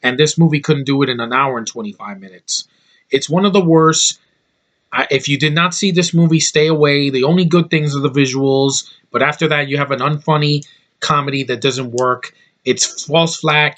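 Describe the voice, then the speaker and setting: A man's voice: mid-range voice, moderate pace, a bit bright. A young man giving a blunt, profane movie review, full of restarts and fillers. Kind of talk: casual ranting review.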